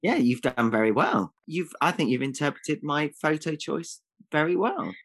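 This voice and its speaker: A man's voice: a little high, animated, moderate pace, fairly bright tone. A man co-hosting a comedy podcast, answering with defensive, sarcastic jokes. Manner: defensive, sarcastic jokey replies. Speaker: podcast co-host.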